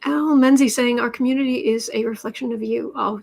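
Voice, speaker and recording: A woman in her forties from West Virginia hosts a tarot and astrology livestream. Her voice sits a little high. She talks in a chatty, loose way, thanks viewers by name and often starts a sentence over. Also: fairly even intonation, a little fast, gravelly, darkish tone, a little hiss or hum. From West Virginia, USA. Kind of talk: casual livestream chat.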